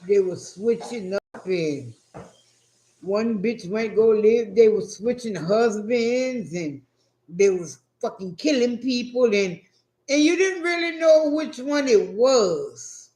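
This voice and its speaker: A man telling a profane, animated story in a casual rant, acting out what people said. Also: high voice, slow. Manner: profane, animated, acts out quotes. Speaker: vlogger. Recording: echoey room.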